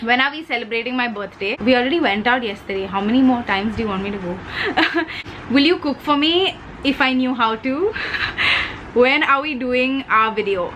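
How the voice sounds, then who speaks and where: A young woman with an Indian English accent talks through her makeup routine in a loose, chatty vlog way. Her voice sits a little high, and she mixes in Hindi words. A faint hum of room noise sits behind her. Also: normal speed, sharp tone, rough recording. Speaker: beauty vlogger. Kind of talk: casual chat while doing makeup.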